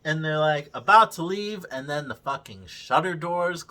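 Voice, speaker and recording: A man's voice: a little high, lively intonation, normal speed, bright, forceful tone. A man hosting a casual review, ranting with constant profanity and exasperated sarcasm. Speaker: show host reviewing a series.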